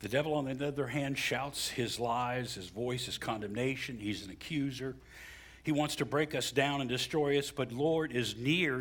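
A pastor preaching a sermon and leading a prayer to his congregation, swinging from loud, high-pitched preaching to hushed whispers. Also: a little slow, husky.

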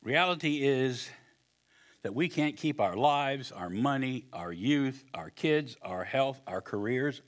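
A man preaching a sermon, animated and joking, acting out the people in his story. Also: mid-range voice, slow pace. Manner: animated, acts out voices with humor. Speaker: pastor.

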